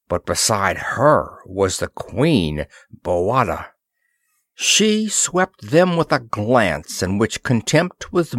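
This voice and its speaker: A man narrating a science-fiction adventure audiobook in dramatic, expressive storytelling. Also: fairly low pitch, dry recording, clean studio sound. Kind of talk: scripted narration.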